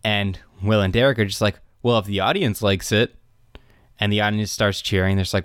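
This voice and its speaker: Young guy on a podcast retelling an episode, bit low voice, acts out the lines. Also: fairly quick, clean tone, dry recording, clean studio sound. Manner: animated retelling, quotes characters in raised voices. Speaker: podcast co-host recapping a show. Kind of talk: casual chat.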